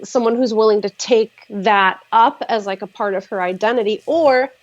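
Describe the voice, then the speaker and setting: A woman therapist talking casually on a livestream video call, measured and thoughtful with frequent fillers. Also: medium pitch, no echo, muffled recording. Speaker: therapist, regular guest.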